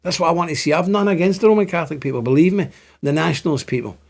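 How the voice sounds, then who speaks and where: A man's voice: fairly high pitch, racing, creaky. A man in his fifties with a Northern Irish accent tinged by Scotland, giving an impassioned, repetitive monologue to camera. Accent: Ulster Scots-tinged Northern Irish. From Northern Ireland. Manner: impassioned, repetitive, rising to exclaim.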